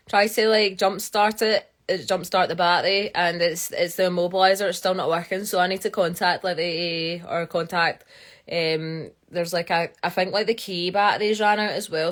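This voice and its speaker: A young Scottish woman, a geologist, chatting casually on a live stream, answering viewer questions in a rambling way with lots of fillers. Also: fairly low pitch. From Scotland. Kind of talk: casual live-stream chat reading comments.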